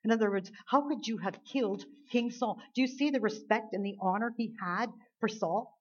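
A woman's voice: a little high, normal speed, few pauses, darkish tone, breathy edge. A woman preaching a sermon, retelling a Bible story earnestly and emphatically, with rhetorical questions to her listeners. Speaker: Bible teacher. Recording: dull lo-fi recording.

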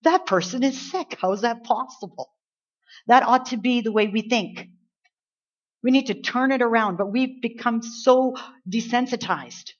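A woman pastor delivering a sermon, building to emphatic peaks and dropping to soft, earnest tones. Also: medium pitch. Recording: dull lo-fi church recording.

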